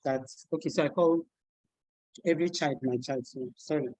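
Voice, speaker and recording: A woman's voice: low-pitched, normal speed. A woman teacher and storybook author, playfully demonstrating how she reads a story to young children in class. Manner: animated, playful, laughing.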